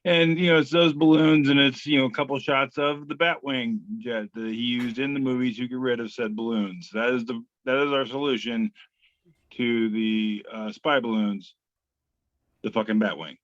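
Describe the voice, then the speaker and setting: A man hosting a casual comedy podcast, reading out memes in a wry, deadpan way with filler pauses. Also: mid-range voice, dry recording, lo-fi sound.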